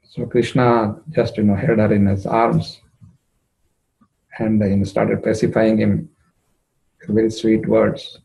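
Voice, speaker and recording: A man telling a devotional story, emotive and rising in pitch at moving moments, with frequent fillers. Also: little pitch movement, unhurried, vocal fry, long pauses, warm tone, rough recording. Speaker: spiritual storyteller.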